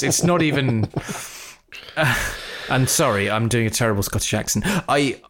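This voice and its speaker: A man co-hosting a podcast, chatting casually about a film and breaking into animated, high-pitched mock reactions. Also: normal speed, over a noisy crowd. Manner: animated, mimics reactions in raised voice. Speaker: podcast co-host. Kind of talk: casual film review chat.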